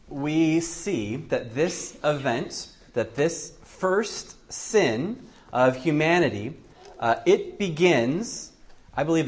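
Man teaching a thoughtful Bible sermon. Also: mid-range voice. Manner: thoughtful, with frequent restarts and fillers. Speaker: preacher.

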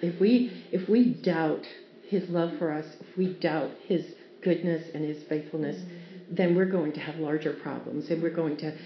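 A woman's voice: deep voice, moderate pace, a little hiss or hum. Earnest woman teaching Scripture in a roomy space. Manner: earnest, warm storytelling with laughs. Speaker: Bible teacher. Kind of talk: devotional teaching. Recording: roomy, dull lo-fi sound with faint ambience.

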